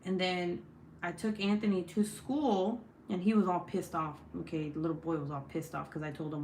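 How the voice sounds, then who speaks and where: A young adult woman and mother, chatting casually while crafting at home, telling a story with lots of swearing and lively voice shifts. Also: fairly low pitch, moderate pace, reverberant, slight background noise. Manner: profane, animated storytelling. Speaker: vlogger, mom.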